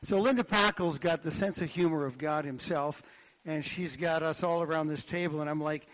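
A man preaching a sermon in a church, telling stories in an animated, joking way. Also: a little high, moderate pace. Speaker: pastor. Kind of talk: sermon with anecdotes.

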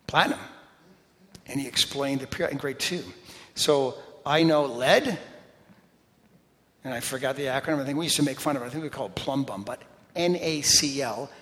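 A man preaching a sermon, telling animated stories, talking straight to the congregation and dropping to a whisper for emphasis. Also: medium pitch. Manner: animated storytelling, talks to the congregation directly. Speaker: pastor. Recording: long reverb in a large hall.

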